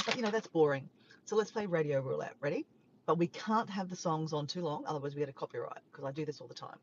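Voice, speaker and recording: A woman's voice: low-pitched, animated, fast, dull audio, noisy background. Chatty Australian woman rambling in a car. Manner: chatty, rambling, trips over words and laughs at herself. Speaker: vlogger. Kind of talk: casual live-stream chat. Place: parked car.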